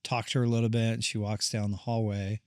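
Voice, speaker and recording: A man's voice: fairly low pitch, flat delivery, fast talker, dry recording, clean studio sound. A man, a therapist guest on a podcast, candidly recounting a hard personal experience and reflecting on what it meant. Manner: reflective, candid, relives moments in quoted speech. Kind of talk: personal storytelling interview.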